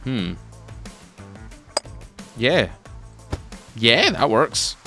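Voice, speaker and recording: A man's voice: mid-range voice, big pitch swings, very slow, bright, forceful tone, soft background music. A man with a Scottish accent giving casual, rambling commentary to his viewers while playing a game, often repeating and restarting his phrases. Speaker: gaming YouTuber.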